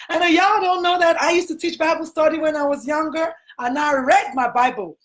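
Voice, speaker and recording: Nigerian woman, physician host, emphatic preacher-like delivery, fairly high pitch. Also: fairly even intonation, fairly quick. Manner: preacherly, emphatic, repeats phrases. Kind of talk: motivational talk.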